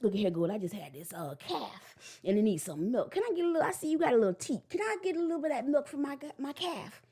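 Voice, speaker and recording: A woman's voice: sits high, sing-song, quick pace, dark tone, slightly rough, exaggerated voice. A woman doing a brash begging cow. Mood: pleading. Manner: casual, pleading street talk. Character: brash female cow begging a goat for milk.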